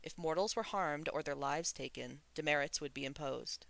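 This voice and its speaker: A person casually reading a novel aloud, relaxed and sometimes restarting a phrase. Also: mid-range voice, moderate pace, vocal fry. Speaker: reader of a novel. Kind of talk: casual read-aloud narration.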